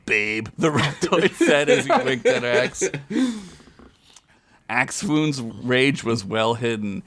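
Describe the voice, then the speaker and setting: Male storyteller, average pitch, dry close sound, reads comic fantasy and laughs along. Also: no echo. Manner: reads aloud with frequent chuckles, loud high character voices. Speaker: podcast storyteller. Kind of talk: comedic fantasy story reading.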